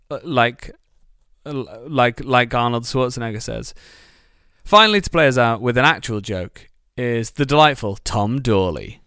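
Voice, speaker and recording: A man's voice: mid-range voice, a little slow, bright, forceful tone, smooth, dry recording, clean studio sound. A male podcast host introducing segments in an upbeat, jokey way. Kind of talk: show links.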